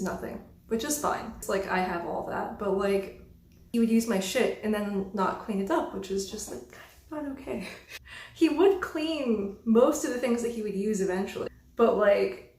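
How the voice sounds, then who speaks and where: A young woman vlogger telling a storytime about a bad roommate, exasperated and animated, swearing freely. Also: fairly high pitch. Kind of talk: casual storytime monologue. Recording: roomy echo.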